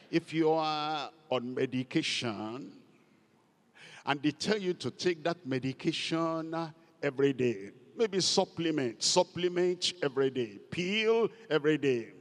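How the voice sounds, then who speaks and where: A man's voice: a little high, animated, slow pace. A man preaching a sermon as pastor, emphatic and repeating key words for stress. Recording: long hall reverb.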